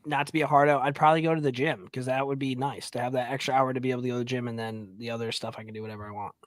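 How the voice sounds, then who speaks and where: A man's voice: medium pitch, steady tone, very fast, dry recording. A man co-hosting a podcast in casual chat, teasing and joking with his guests. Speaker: podcast co-host.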